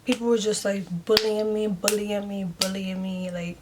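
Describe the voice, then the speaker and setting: A woman in a casual vlog tells a personal story straight to her viewers, chatty and open, leaning on "like" and "y'all" in almost every breath. Her pitch sits at an ordinary middle height for a woman, with a faint hiss of background noise under the talk. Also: little pitch movement, normal speed. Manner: chatty, heavy use of "like", addresses viewers as "y'all"; emotional, speaks openly and earnestly. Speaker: vlogger telling her story.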